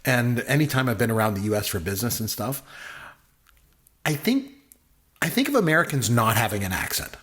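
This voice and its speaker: A man's voice: mid-range voice, sing-song, brisk, pauses often, a bit bright. Enthusiastic man reviewing a movie. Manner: enthusiastic, rambling, with frequent fillers. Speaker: podcast co-host, film reviewer. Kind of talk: casual movie review chat.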